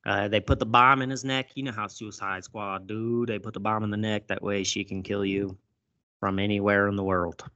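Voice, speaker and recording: A man casually recapping a movie, animated and profane, acting out lines as he goes. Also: lowish voice, moderate pace. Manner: animated, swears a lot, acts out lines. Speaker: podcast host recapping a movie. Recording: dull lo-fi sound.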